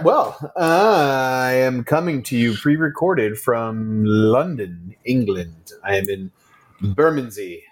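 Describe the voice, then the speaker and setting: A man's voice: mid-range voice, animated, slow. An American man co-hosting a casual podcast, rambling and joking at his own expense with lots of fillers. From United States. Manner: rambling and self-mocking, many fillers. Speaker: podcast co-host. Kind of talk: casual chat. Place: traveling, recording remotely.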